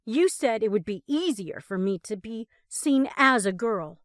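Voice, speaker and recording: A woman voicing a hot-tempered young man who barks and yells in frustration. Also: on the high side, very animated, unhurried, dry recording, studio quality, voice pushed up. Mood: furious. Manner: cross, barking, yelling.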